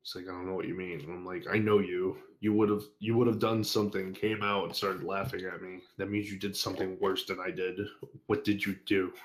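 A man's voice: low-pitched, level tone, a little fast. A young man telling a crude, profanity-filled anecdote in a casual chat, acting out the quotes of the people in it. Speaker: guest storyteller.

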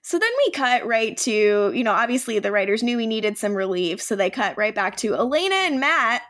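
A woman's voice: on the high side, normal speed. Chatty young woman recapping a TV episode. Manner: animated storytelling, acts out quoted lines, frequent "like". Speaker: podcast co-host.

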